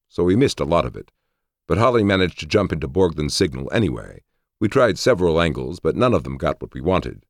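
A man narrating a story aloud in an expressive, lively reading. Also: extremely low pitch, no room sound, studio quality. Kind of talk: audiobook narration.

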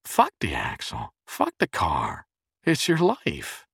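A man voicing a frantic, paranoid adult man who has gone days without sleep, yelling and rambling in a strained voice. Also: huge pitch swings, slow, vocal fry, slightly rough, no echo, studio quality, heavily acted. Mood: scolding. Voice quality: strained, shouting high voice.

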